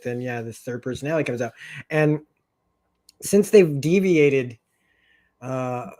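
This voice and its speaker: A man co-hosting a casual podcast discussion, speaking in a halting way with frequent restarts. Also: medium pitch, a little mellow. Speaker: podcast co-host.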